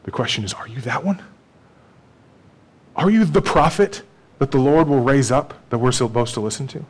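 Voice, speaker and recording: A man preaching a sermon at an ordinary pitch, talking in a relaxed and conversational way. He acts out short exchanges and laughs along as he teaches. His voice climbs and gets louder when he builds a point. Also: moderate pace, breathy edge. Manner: animated, conversational preaching with acted-out dialogue and laughter. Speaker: pastor.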